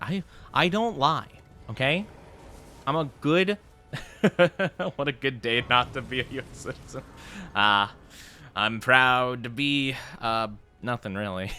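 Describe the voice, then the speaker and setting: A man's voice: medium pitch, pushed and bright, smooth. A young man streaming a video game, chatting casually with his viewers and teasing them in a playfully mock-indignant way.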